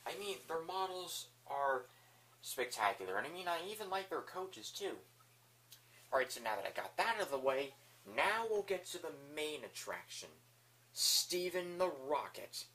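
A man's voice: fairly high pitch, big pitch swings, normal speed, bright, forceful tone. A man giving a casual spoken review, enthusiastic and rambling, with lots of fillers. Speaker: video reviewer.

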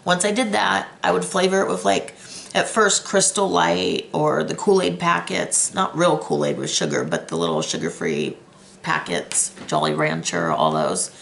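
Candid woman with a gravelly voice. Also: low voice, sing-song, normal speed, a bit bright, a little hiss or hum. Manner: emotional, candid, chatty. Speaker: weight loss vlogger. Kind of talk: personal story vlog.

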